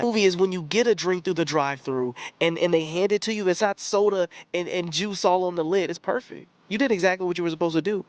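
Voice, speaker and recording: A man's voice: high-pitched, quick pace, few pauses, no room sound. A young man hosting a podcast, giving a casual, emphatic movie review and repeating phrases for stress. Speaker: podcast host.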